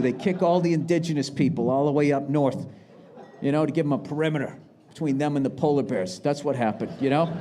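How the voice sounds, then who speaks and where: A man doing live stand-up, ranting sarcastically and profanely, with shouted bursts, on a handheld mic before a big crowd. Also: a little high, a little hiss or hum. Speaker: stand-up comedian. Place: large live venue with audience. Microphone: handheld microphone.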